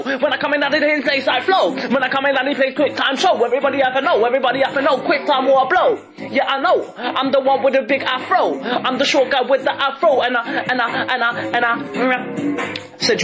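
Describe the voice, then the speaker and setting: A man playing a boastful young grime MC, rapping a taunting comic diss and laughing as he goes. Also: very high-pitched. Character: cocky short young male grime MC with an afro. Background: music beat.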